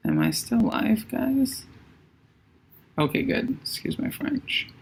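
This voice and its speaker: A woman's voice: on the high side, big pitch swings, takes it slowly, gravelly, a little mellow, a little hiss or hum. A woman hosting a casual livestream while she paints, thinking aloud and greeting viewers by name. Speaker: livestream host.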